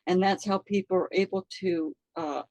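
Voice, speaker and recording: An older woman telling a personal story in an interview, halting and earnest, with many fillers, close to tears. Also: fairly low pitch, fairly even intonation, a little mellow, no echo, low-quality recording. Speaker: interview guest.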